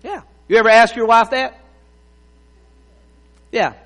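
A preacher delivers a sermon in an unhurried, folksy way, breaking into laughter and teasing asides. His voice sits very high and bright, and it rings out with a long reverb, as in a large sanctuary. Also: fairly even intonation. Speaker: pastor.

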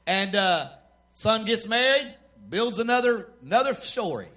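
A preacher with a very high voice, folksy and emphatic, who tells scripture stories plainly and then drives points home with shouts. His tone is bright and forceful, and his delivery is full of conviction. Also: sing-song, unhurried. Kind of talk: sermon.

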